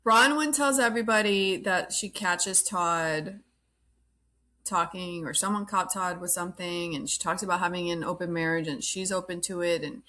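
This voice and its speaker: A woman's voice: on the low side, moderate pace, sharp tone, a little hiss or hum. A woman hosting a podcast, giving a casual and blunt recap of reality TV, often saying "like.". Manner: blunt, opinionated, peppered with "like". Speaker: podcast host.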